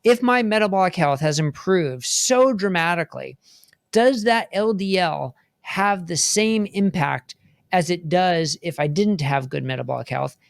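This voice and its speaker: A man's voice: high-pitched, expressive, measured pace, gravelly, no room sound, clean studio sound. A man who is a cardiologist, speaking as a guest on a podcast and explaining earnestly. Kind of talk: interview explanation.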